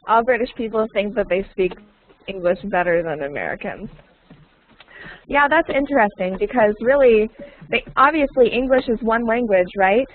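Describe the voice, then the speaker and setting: A woman's voice: fairly high pitch, lively intonation, moderate pace, long pauses, slight background noise. Woman teaching English over a tinny call. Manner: patient, repeats and models phrases, laughs often. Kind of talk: online group English lesson. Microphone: computer mic on a video call. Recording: tinny online call line.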